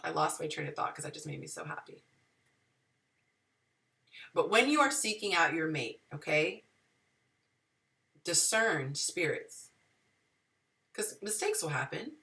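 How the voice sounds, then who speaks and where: A woman's voice: sits low, lively intonation, measured pace, creaky, pauses often, bright, forceful tone, distant mic. A woman hosting a live dating advice talk, speaking to viewers in an emotional, preachy, spiritual way.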